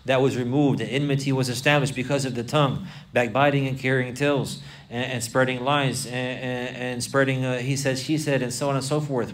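A man's voice: mid-range voice, recorded from a distance. A man teaching a religious class, repeating phrases and quoting Arabic texts, then explaining them. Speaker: Islamic teacher. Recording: voice from away from the mic.

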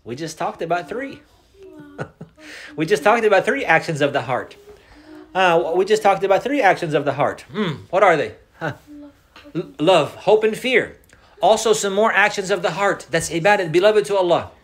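A man's voice: sits high, animated, moderate pace. A man teaching a religious class, repeating his points, mixing in Arabic phrases and asking students questions. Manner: mixes Arabic phrases into English. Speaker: Islamic teacher. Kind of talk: classroom lesson.

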